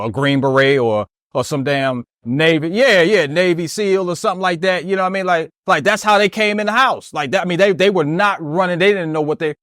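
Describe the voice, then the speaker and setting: A man's voice: on the high side, dry recording, clean studio sound. A man, a military veteran, telling a story in an interview and acting out the dialogue as he goes. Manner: animated retelling that acts out dialogue, often asks "you know what I mean?". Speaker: interview guest.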